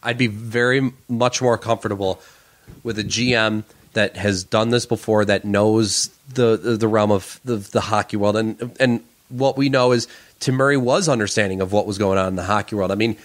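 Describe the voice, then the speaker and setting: A man's voice: on the low side, fairly even intonation, moderate pace. Blunt, opinionated male podcast co-host. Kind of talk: casual sports talk.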